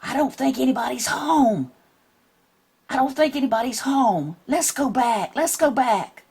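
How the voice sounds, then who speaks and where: A timid little boy from a children's storybook, his voice shaky with nerves and pitched a little high, as a woman reads him aloud. He pleads rather than speaks. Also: expressive, a little slow, darkish tone. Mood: nervous.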